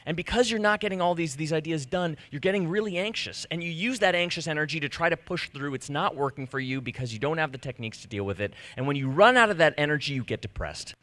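A man in his thirties telling a personal story to a live audience, animated and self-deprecating, acting out the conversations he recounts. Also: a little high, quick pace, hardly any pauses, no echo. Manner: animated, self-deprecating, acts out quoted exchanges. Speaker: speaker giving a personal talk. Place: stage before an audience.

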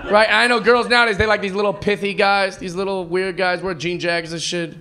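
Male stand-up comic, thirties, high voice, brash and loud, live club recording with crowd noise. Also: little pitch movement, brisk. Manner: brash, swinging between shouting punchlines and muttering asides. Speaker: stand-up comedian. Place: comedy club stage with a laughing audience.

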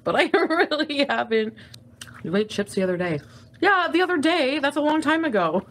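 A woman's voice: mid-range voice, a little hiss or hum. Rambling, giggly woman livestreaming. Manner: rambling, jumps between topics, laughs often. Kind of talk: casual livestream chat.

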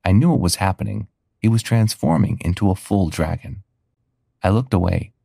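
A man narrating a first-person story in a steady, earnest reading. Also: deep voice, moderate pace, gravelly, slightly rough, no echo, clean studio sound.

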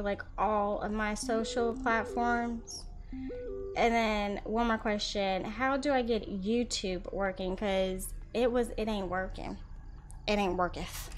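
A young woman streaming a horror game, chatting with her viewers and reacting loudly. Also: mid-range voice. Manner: chatty, loud reactions, talks to chat. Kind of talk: live horror game commentary.

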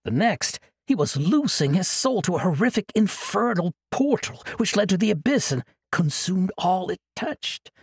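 A male narrator reads a fantasy audiobook with dramatic, expressive storytelling. His voice is very raspy with a gravelly fry, and his pitch moves lively through the lines. The sound is close and dry, with no room around it. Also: normal speed, hardly any pauses, no echo.

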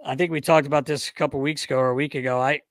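A man co-hosting a podcast in casual chat, teasing and lively, often repeating words as he talks. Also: mid-range voice, very fast, no room sound. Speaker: podcast co-host.

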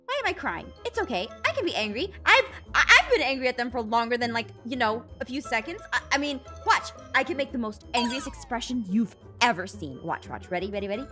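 A woman's voice: fairly high pitch, very animated, quick pace, few pauses. A woman acting out a Minecraft role-play in a bubbly, exaggerated, giggly way. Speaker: host playing herself in a Minecraft role-play. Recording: background music under the voice.

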